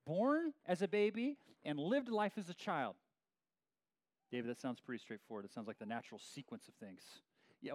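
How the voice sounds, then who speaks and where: A man's voice: a little high, no room sound. A man preaching a sermon as a pastor, in a conversational way with frequent restarts. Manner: conversational, animated with many restarts.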